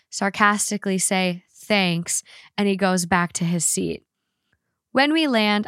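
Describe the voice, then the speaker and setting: A woman's voice: medium pitch, dry recording. Woman reading a story aloud, dry sound. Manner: expressive storytelling read. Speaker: podcast co-host reading a story. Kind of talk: reading aloud, then casual chat.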